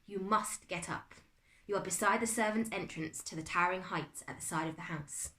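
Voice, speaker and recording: A woman's voice: on the low side, normal speed, pushed and bright, roomy sound. A woman putting on a stern male butler. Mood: commanding. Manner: urgent, commanding.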